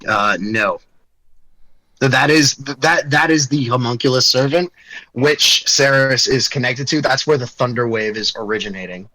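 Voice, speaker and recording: A man playing a tabletop game, describing his character's spells slowly and haltingly with many uh fillers. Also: mid-range voice, bright, forceful tone, no room sound, rough recording. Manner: halting, full of uh fillers, laughing. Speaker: player.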